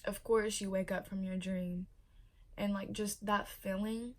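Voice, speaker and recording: A young pregnant woman talks in a casual, chatty vlog, full of fillers and easily moved to emotion. Her pitch sits in the middle and her delivery stays fairly flat in melody. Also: measured pace. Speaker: vlogger.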